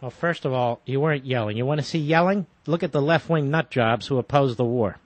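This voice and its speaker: A man's voice: medium pitch, a little fast, no room sound. A man hosting a talk radio show, speaking emphatically and interjecting often.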